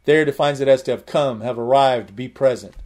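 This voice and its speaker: A man's voice: medium pitch, brisk, darkish tone. A man preaching a sermon, explaining Greek words and repeating key phrases with emphatic rises. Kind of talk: sermon with word study.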